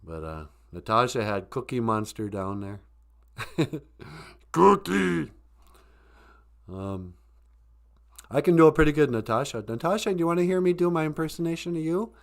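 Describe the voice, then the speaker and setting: A man's voice: on the high side, expressive, fast, few pauses. A man hosting a casual livestream, joking and laughing often. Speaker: livestream host and comic author.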